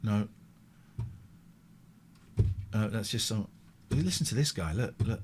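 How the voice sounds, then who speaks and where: A man hosting a late-night live-stream show, chatting casually in a rambling, animated way and often correcting himself. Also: on the low side, a little slow, a little hiss or hum.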